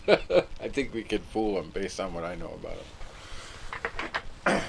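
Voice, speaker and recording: A man's voice: deep voice, moderate pace, gravelly, pauses often, a little hiss or hum, poor audio. A man hosting a podcast in casual, rambling chat who laughs often and swears casually. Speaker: podcast host.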